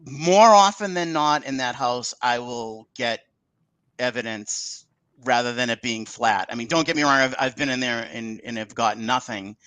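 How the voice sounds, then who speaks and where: Animated man telling a story, dry sound. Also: mid-range voice, normal speed, clean tone, no echo. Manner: animated, acts out quoted dialogue with many restarts. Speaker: podcast guest. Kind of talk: casual storytelling interview.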